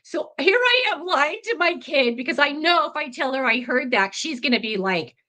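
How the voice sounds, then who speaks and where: A woman guest telling a ghost story in an interview, animated and chatty, with many fillers. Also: sits high, moderate pace.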